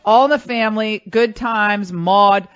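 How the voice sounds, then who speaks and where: A woman hosting a radio talk show, bantering in a chatty, animated way and jumping between asides. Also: medium pitch, unhurried, clear, resonant tone. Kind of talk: casual on-air banter. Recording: slightly muffled radio audio.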